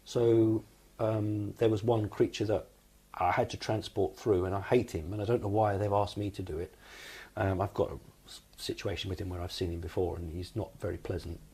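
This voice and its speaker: Husky low-voiced British man. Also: little pitch movement, normal speed, dark tone. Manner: matter-of-fact, explanatory. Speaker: interview guest. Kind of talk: recounting personal experiences.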